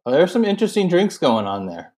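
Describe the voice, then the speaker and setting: A man co-hosting a podcast in casual chat, adding quick joking reactions and short interjections. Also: a little high, big pitch swings, a little mellow. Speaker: podcast co-host.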